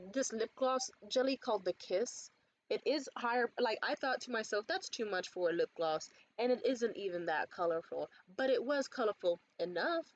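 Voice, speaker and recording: A young woman in casual vlog chat about a beauty haul, animated and swearing freely, jumping up high when quoting others. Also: dull audio. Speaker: beauty vlogger. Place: bedroom.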